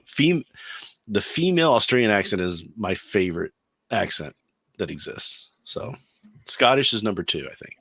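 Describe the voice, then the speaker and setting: A middle-aged man with a deep, low voice talks in a loose, rambling way, poking fun at himself. The sound is dry and close, with no room around it. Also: animated, normal speed, fairly bright tone, no echo. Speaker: podcast co-host. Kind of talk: casual chat.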